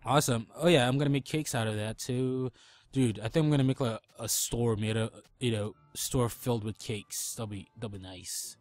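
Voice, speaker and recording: A young man talks through a survival game in a loose, rambling way, joking and throwing out silly animal noises. His voice sits at an ordinary middle pitch. Faint music plays underneath. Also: moderate pace, darkish tone, dry recording. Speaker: let's play gamer. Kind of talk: casual gameplay commentary.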